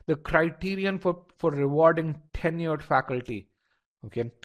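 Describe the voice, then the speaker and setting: A man's voice: fairly high pitch, expressive, moderate pace. Man teaching a live online class. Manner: repeats words and restarts, addresses students directly. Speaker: instructor. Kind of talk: live online test-prep lesson.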